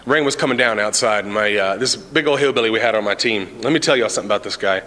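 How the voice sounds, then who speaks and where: A man telling stand-up comedy stories in a casual, deadpan way, with many "uh" fillers, recorded in an indoor common area. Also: on the low side, fast talker. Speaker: amateur stand-up comic, Army sergeant. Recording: reverberant indoor room.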